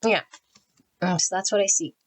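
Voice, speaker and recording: A woman giving a casual, rambling tarot card reading, often restarting phrases and sometimes shifting into a soft prayerful tone when calling on spirit. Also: medium pitch, steady tone, normal speed, dry recording. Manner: chatty, repeats and restarts phrases, intuitive rambling. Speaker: tarot reader.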